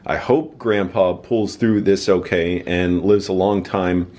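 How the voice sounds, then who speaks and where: A man's voice: sits low, steady tone, slow, a little mellow. A man talking casually to the camera, rambling through memories with plenty of fillers. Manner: rambling, many fillers and restarts. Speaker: YouTuber.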